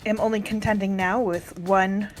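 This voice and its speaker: A woman's voice: medium pitch, steady tone, moderate pace, soft background music. A woman playing in an online tabletop game, carefully talking through her turn step by step. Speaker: player.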